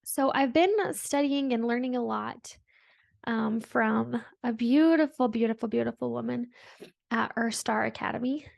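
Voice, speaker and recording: A woman hosts a spiritual podcast alone, musing in a loose, reflective way. Her fairly high voice has a gravelly fry, and the sound is dry and close with no room echo. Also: steady tone, measured pace. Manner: meandering, reflective, soft-spoken with frequent "like" fillers. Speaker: podcast host. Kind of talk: casual spiritual monologue.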